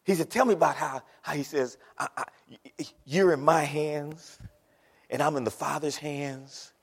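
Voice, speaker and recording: A pastor preaching a sermon, dramatic, swinging from shouts to hushed words. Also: male voice, a little high, fairly even intonation, moderate pace, creaky, slightly rough. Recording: long hall reverb.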